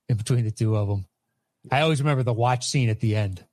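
A man's voice: medium pitch, quick pace, darkish tone, no room sound. A man co-hosting a casual movie chat, recapping plots in a rambling way with filler words. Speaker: podcast co-host.

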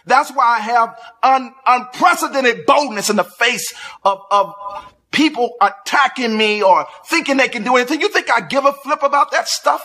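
A man's voice: very high voice, moderate pace, pushed and bright. Blustering, combative preacher man. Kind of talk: angry live-stream rant.

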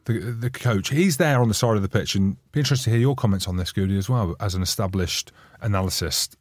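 A man, a former player co-hosting a podcast, chatting casually and telling lively stories. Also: on the low side, a little fast. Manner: animated storyteller, mimics shouting coaches. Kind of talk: casual banter.

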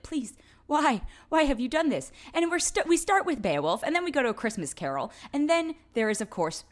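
A woman giving a casual spoken film review, candid and exasperated. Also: a little high.

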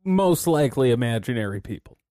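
A man's voice: mid-range voice, big pitch swings, a little fast, warm tone, dry recording. Podcast guy joking around and laughing a lot, dry close sound. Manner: joking, laughs often, crude humor. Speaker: podcast co-host. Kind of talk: casual chat.

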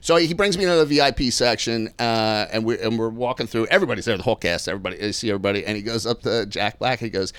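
A man's voice: fairly low pitch, racing, hardly any pauses, clean tone, dry recording. A man with a Philadelphia accent telling a story on a podcast, acting out the voices of the people in it. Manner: animated, acts out voices in his stories, laughs a lot. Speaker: podcast co-host. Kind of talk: casual storytelling chat.

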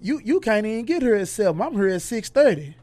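A man with a notably high voice talks in a loose, conversational way. He is a guest on the show, and he tells his stories with lots of energy, slipping into other people's voices as he goes. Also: quick pace. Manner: animated storyteller who acts out others' lines. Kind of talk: casual conversation, storytelling.

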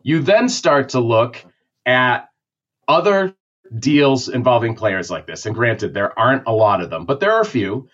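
A man's voice: mid-range voice, big pitch swings, a little slow, a bit bright. Man, Boston accent, opinionated rambling rant, dull lo-fi sound. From Massachusetts. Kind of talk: casual sports talk.

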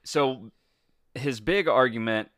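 A man's voice: mid-range voice, takes it slowly, a bit bright, dry recording, studio quality. A man co-hosting a podcast, telling a history story in a casual chat, laughing often and filling with "like". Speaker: podcast co-host.

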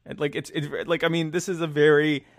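A man in casual political chat, rambling and sarcastic, with many halting restarts. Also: fairly high pitch, flat delivery, no echo.

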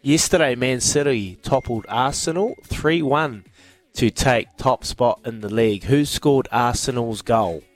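A man's voice: medium pitch, unhurried. A man with a New Zealand accent hosting a radio sports quiz, bantering and teasing callers. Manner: cheeky, teasing, laughs often.

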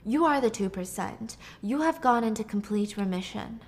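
A woman voicing a calm, hesitant doctor who speaks softly and carefully. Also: a little high. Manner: soft, hesitant, measured.

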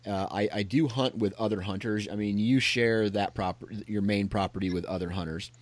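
A low-voiced man hosting a casual chat who thinks out loud, pausing and restarting his sentences. The sound is dry and close, with no room echo. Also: fairly even intonation. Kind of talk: casual conversation.

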